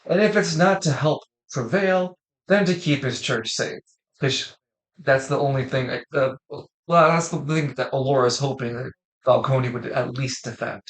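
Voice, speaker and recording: A man's voice: medium pitch, normal speed. A man running a tabletop role-play game as game master, narrating in a rambling way and correcting himself as he goes. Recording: echoey room.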